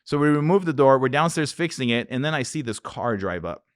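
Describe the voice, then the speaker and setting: Brisk and lively in intonation, a mid-pitched male investor guest spins wild tales in a podcast interview, cursing without restraint and performing the voices of the characters involved. The audio is dry and studio-clean.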